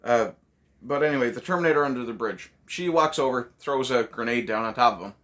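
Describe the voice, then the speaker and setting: A man's voice: mid-range voice, a little fast, a bit bright. A man hosting a casual movie review, ranting sarcastically with lots of swearing.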